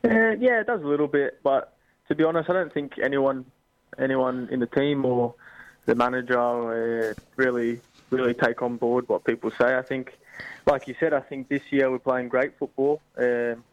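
A Scottish man, a professional footballer, answering radio interview questions hesitantly, with many pauses and restarts. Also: mid-range voice, steady tone, muffled recording. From Scotland. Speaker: guest footballer.

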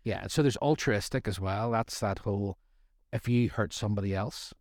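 A man's voice: lowish voice, normal speed, a little mellow, no echo, studio quality. A middle-aged man co-hosting a faith study series, talking in a rambling, jokey way with self-deprecating asides. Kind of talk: casual faith discussion.

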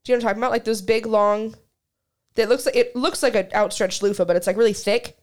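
Young woman podcast co-host, dry and wry, slightly higher voice, easygoing banter. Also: steady tone, quick pace. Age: young adult. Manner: dry, wry storyteller, laughs through stories. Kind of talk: casual chat.

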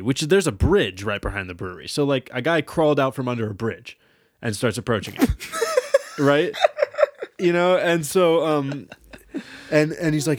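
A man's voice: mid-range voice, moderate pace, dry recording, studio quality. A young man hosting a podcast, telling a rambling story in casual chat, swearing often and filling with "like" and "um". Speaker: podcast host.

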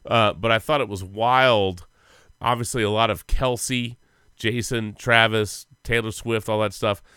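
A man co-hosting a sports podcast, chatting casually in a profane, rambling, animated way. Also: lowish voice, a little slow, clean tone, dry recording, clean studio sound. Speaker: podcast co-host.

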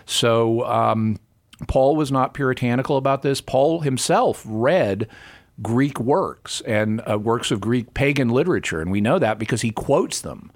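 A man who is a regular guest apologist on a call-in radio show, explaining at length in a measured way. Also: medium pitch. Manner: explanatory, measured, thinks aloud.

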